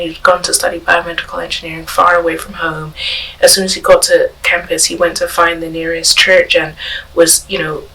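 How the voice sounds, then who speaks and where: A woman's voice: on the low side, fairly bright tone, distant mic, poor audio. A woman guest on a parish podcast, telling her faith story in a reflective way with many fillers and restarts.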